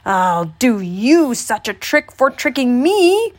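A woman's voice: fairly high pitch, lively intonation, slow. Woman doing a fretful ancient old man. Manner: bawling and croaking, jumps about. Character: excitable 800-year-old man, easily upset.

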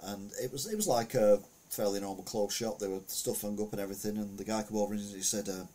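A man's voice: fairly low pitch, quick pace, dark tone, a little hiss or hum. A man giving a casual, rambling commentary on the week's news, full of anecdotes and asides.

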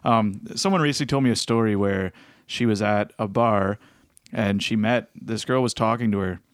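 A man's voice: fairly low pitch, normal speed, no echo, studio quality. A man co-hosting a podcast in casual chat, joking and teasing, laughing often. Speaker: podcast co-host.

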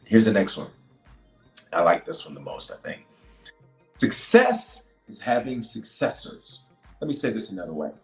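A man, a bishop, preaching a leadership sermon. He repeats key lines for emphasis and swings from loud declarations to hushed asides. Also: lowish voice. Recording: roomy echo with faint music.

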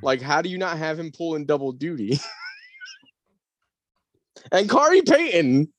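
A man co-hosting a pop-culture podcast in casual chat, talking in an animated way and laughing easily. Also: a little high, unhurried. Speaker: podcast co-host.

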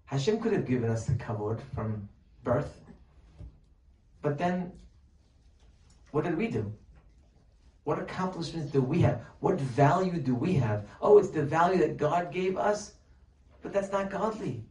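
A man giving a Torah talk as a sermon, animated and full of rhetorical questions, sometimes dropping to a near-whisper to act out pleading. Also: a little high, unhurried, pauses often. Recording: distant mic, echoey room, faint noise.

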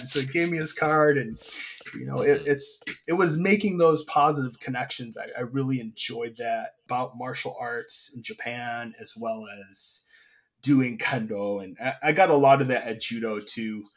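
A man hosting an interview podcast, chatting casually and telling lively anecdotes. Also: medium pitch, normal speed. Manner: animated, acts out voices in anecdotes. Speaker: podcast host. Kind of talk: casual chat, storytelling.

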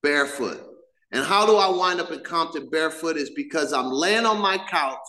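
A man's voice: a little high, fairly bright tone. A middle-aged man giving his personal recovery testimony to a live meeting, telling it loosely and acting out the voices of the people in his story. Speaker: main speaker at a recovery meeting. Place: church meeting hall. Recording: echoey meeting hall.

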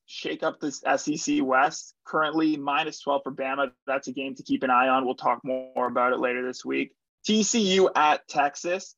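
Young male co-host, casual and sure of his picks, mid pitch, dry slightly muffled sound. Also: a bit bright, no room sound. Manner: confident, rattles off picks and betting lines. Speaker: podcast co-host. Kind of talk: casual sports chat.

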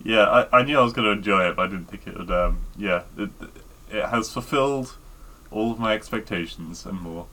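A man's voice: fairly low pitch, fairly quick, pushed and bright. A British man co-hosting a podcast, chatting casually with hesitant, jokey interjections. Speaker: podcast co-host. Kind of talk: casual chat.

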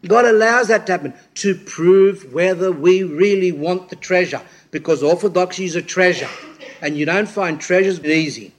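A middle-aged man delivering an informal church sermon, his voice sitting a little high for a man. He rambles through personal anecdotes, often restarts his sentences, and acts out the people he quotes. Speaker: speaker at a church talk.

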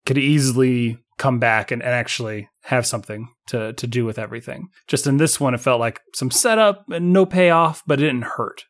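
A man gives his take on a film in a relaxed, rambling chat, often restarting and repeating himself as he goes. His voice sits at an ordinary middle pitch. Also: normal speed, few pauses. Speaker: podcast co-host. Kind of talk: casual movie-review chat.

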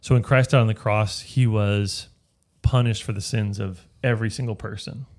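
A man's voice: lowish voice, steady tone, normal speed, a little mellow. A man leading a casual Bible study, explaining a passage step by step and often checking in with "right?". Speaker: Bible teacher.

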